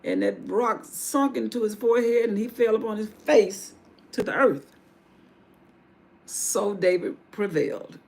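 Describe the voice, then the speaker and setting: A woman's lowish, gravelly, slightly mellow voice carries a Bible story retold casually on her livestream. Her vernacular delivery is full of restarts and side comments.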